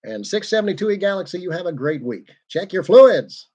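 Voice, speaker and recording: A man's voice: sits high, big pitch swings, fairly quick, darkish tone, pitched above the performer's own voice. A man putting on the voice of a folksy old-time male radio broadcaster, with announcer-style patter. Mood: hammy.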